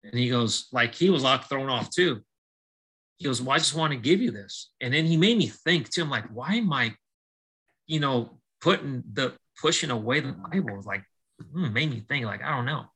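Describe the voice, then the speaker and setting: At normal speed and a medium pitch, a husky-voiced middle-aged man speaks on a low-quality recording. He's a baseball coach telling his life story as a podcast guest, performing the dialogue with animation and restarting frequently in this testimony-style interview.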